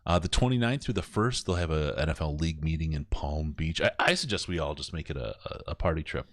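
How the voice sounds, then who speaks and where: A man with a low, deep voice hosts a live sports podcast from a home studio. He rattles off dates and plugs in a loose, joking way, stumbling over fillers as he goes. The sound is close and dry, with no room around it. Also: expressive, fast talker, dry recording. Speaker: podcast host.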